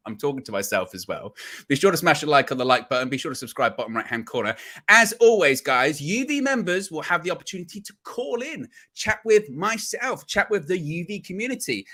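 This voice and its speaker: High, bright-voiced gloating male stream host. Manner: emphatic, gloating, repeats phrases for effect. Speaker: host of a football fan channel livestream. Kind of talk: live post-match fan reaction show.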